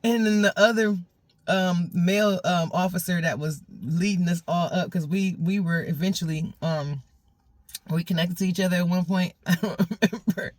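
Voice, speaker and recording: A woman telling a personal story in a casual, animated way, laughing often and repeating phrases. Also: fairly low pitch, normal speed, dry recording.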